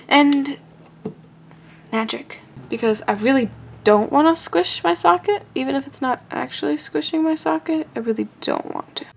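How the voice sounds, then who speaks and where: A woman narrating a casual hands-on kit build, playful and self-joking, often laughing and dropping into a soft whisper as she works. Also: high voice, animated, moderate pace, vocal fry. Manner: often drops to a soft whisper while working. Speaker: amateur radio hobbyist building a kit.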